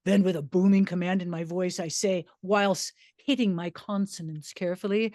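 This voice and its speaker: A woman reading her memoir aloud to an audience, a former teacher who tells her story theatrically, swinging her pitch and volume as she acts out her own classroom commands. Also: steady tone, normal speed, hardly any pauses, darkish tone, no echo, studio quality. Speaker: memoir reader, former high school teacher.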